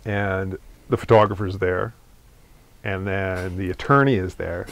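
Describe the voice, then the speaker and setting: A man's voice: sits low, unhurried. A man hosting a podcast in casual chat, joking dryly and leading into the news. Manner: dry, deadpan joking, leads into the news topics. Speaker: podcast host.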